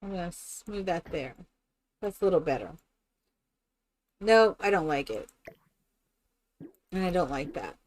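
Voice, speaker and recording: A woman's voice: on the low side, sing-song, unhurried, pauses often. Lady gamer on stream, rambling casual chat, lots of likes and you knows. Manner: rambling, chatty, with many fillers and restarts. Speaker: game streamer. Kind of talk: casual chat while building in a game.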